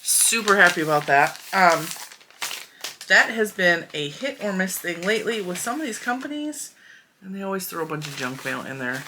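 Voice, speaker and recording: A woman's voice: fairly low pitch, very animated, a little slow, long pauses, sharp tone, a little hiss or hum. A woman in her forties hosting a casual yarn review vlog, chatty and candid with a playfully blunt edge. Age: 40s.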